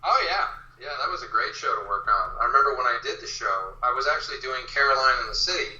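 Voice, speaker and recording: A middle-aged actor telling lively anecdotes in a casual interview, acting out the people in his stories. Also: medium pitch, fast, echoey room, distant mic, highs cut off. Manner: animated anecdotes with quoted voices. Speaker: guest actor.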